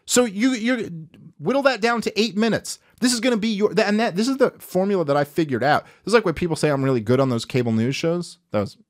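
A man's voice: high-pitched, fast talker, dry recording, studio quality. A man hosting a podcast, talking through political commentary casually, with plenty of swearing and acted-out quotes. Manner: animated, profane, acts out quotes. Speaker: podcast host.

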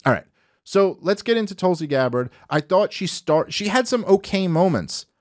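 A man's voice: high-pitched, moderate pace, dry recording, clean studio sound. A man hosting a podcast, talking through political commentary casually, with plenty of swearing and acted-out quotes. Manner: animated, profane, acts out quotes. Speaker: podcast host.

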